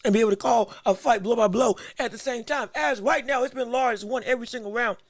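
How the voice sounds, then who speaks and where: Hiccuping and eating as he talks, this podcast host gives live fight commentary on his own livestream, calling each blow excitedly, repeating himself and restarting phrases. He's a fast talker with a very high, gravelly voice, recorded with clean studio sound and no room sound.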